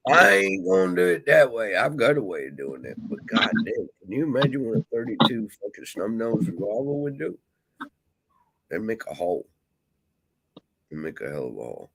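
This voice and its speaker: A man with a deep, gravelly voice rambling through a profane, grumbling vlog monologue. His pitch swings widely as he talks, and the sound is close and dry. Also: a bit bright, no room sound, low-quality recording. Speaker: vlogger.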